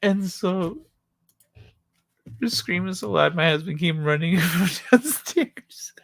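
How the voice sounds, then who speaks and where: A live-stream host spins a childhood story for the chat at a slow, unhurried pace, breaking into laughter again and again. The talk is loose and peppered with swearing. The voice sits dry and close, with no room sound around it. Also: mid-range voice, gravelly, fairly bright tone, no echo. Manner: laughs often, loose and profane.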